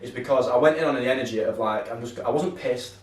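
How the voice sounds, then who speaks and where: A man's voice: medium pitch, fast talker. Rambling young man, roomy and distant. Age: 20s. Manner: rambling, sweary, peppers lines with "yeah". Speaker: podcast co-host. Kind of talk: casual chat, storytelling. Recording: roomy, mic set far off.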